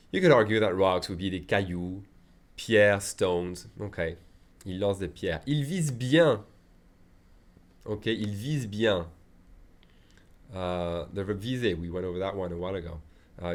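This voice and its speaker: A man teaching a beginners' French lesson in English with a French accent, lively and often checking in with "ok?" and "d'accord?". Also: fairly low pitch. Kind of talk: language lesson.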